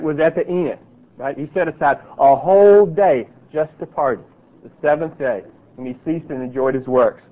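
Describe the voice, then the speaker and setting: Middle-aged guy teaching a bible class, earnest, slightly high voice, sounds tinny like over a phone. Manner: earnest, reads lists slowly and deliberately. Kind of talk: classroom lecture.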